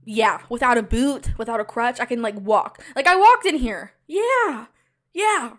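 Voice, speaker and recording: A young woman in college hosting a casual solo podcast, talking chattily and animatedly straight to her listeners, with a loud cackling laugh. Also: a little high, lively intonation, unhurried. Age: young adult. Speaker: podcast host.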